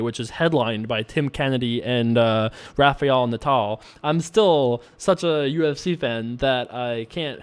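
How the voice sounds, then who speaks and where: A man's voice: fairly high pitch, clean tone. A man casually chatting and joking while he plays online poker, laughing often. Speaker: poker vlogger.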